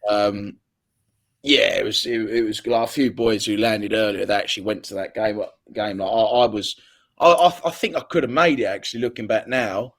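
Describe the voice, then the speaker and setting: A young man, talking in a casual, rambling way. His voice sits a bit low, he doubles up words as he goes, and he swears freely. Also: normal speed. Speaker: guest. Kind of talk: casual interview chat.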